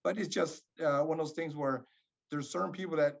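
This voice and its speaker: A man who coaches boxing rambles reflectively in a casual interview. His voice sits a little high, and the audio sounds somewhat dull. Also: fast talker, creaky.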